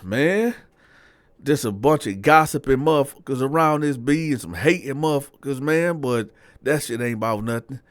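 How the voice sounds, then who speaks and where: A man's voice: medium pitch, moderate pace, dry recording, voice pushed up, lightly acted. A man voicing a swaggering, aggressive older male convict who talks blunt and curses. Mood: dismissive. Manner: brash, blunt, swaggering, cursing.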